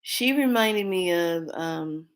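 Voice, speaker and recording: A woman's voice: on the low side, lively intonation, takes it slowly. A woman vlogger telling a dream story casually and animatedly, laughing and acting out quotes.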